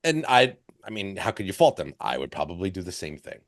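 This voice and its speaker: Deep-voiced man podcast host, dry sound. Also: very animated, fast talker, no echo. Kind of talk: casual podcast chat.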